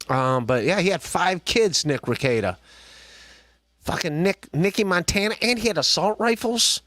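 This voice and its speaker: A man's voice: high-pitched, very animated, moderate pace, fairly bright tone, no echo. A man hosting a podcast livestream, rambling through casual commentary with jokes, restarts and laughter. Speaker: podcast host.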